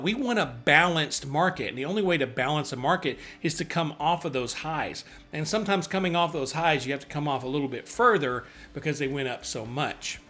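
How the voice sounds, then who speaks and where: A man working as a real estate agent, explaining housing market charts in a casual, chatty way, with sudden excited bursts and self-mocking asides. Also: on the high side.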